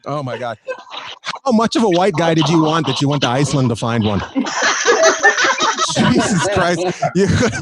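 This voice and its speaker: A man doing crowd work as a comedian on a live stream, teasing people with quick banter and laughing at his own jokes. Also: on the high side, very animated. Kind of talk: crowd work with an online audience. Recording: loud background noise.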